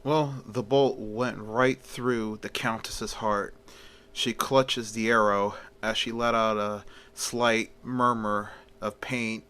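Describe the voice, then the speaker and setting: A man's voice: lowish voice, flat delivery, takes it slowly, sharp tone, smooth. A man casually retelling a film story as a storyteller, chatty and plain, opening many sentences with "well".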